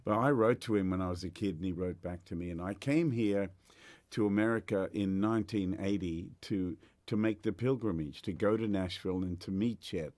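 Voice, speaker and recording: An older Australian man, a guest musician, telling stories in a chatty, animated way with lots of fillers in a radio interview. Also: low voice, moderate pace, no echo. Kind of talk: casual storytelling in a radio interview.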